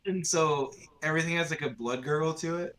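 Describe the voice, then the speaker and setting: A man's voice: on the high side, brisk, a bit bright. A man narrating a tabletop game as its game master, in loose storytelling full of fillers. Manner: loose, filler-heavy storytelling with sung sound effects.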